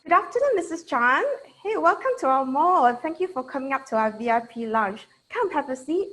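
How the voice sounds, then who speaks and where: A woman's voice: sits high, animated, brisk, noisy background, voice pushed up. A Singaporean woman playing a polite, eager young saleswoman welcoming a client. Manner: welcoming, upbeat hostess patter.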